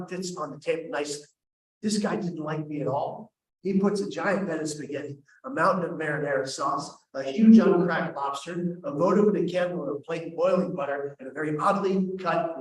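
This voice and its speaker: Animated man telling a comic story in a hall. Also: fairly high pitch. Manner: animated, self-deprecating, quick delivery. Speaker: keynote speaker, host. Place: large event hall. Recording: echoey hall from far off.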